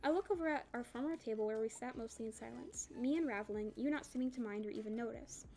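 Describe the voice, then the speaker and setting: A woman reading a novel aloud in an expressive first-person voice for a book club. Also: fairly high pitch, quick pace, faint music behind.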